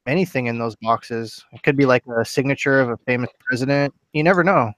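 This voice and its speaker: A man's voice: mid-range voice, fairly quick, a bit bright, no room sound. A man co-hosting a casual live stream, upbeat and teasing. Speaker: co-host.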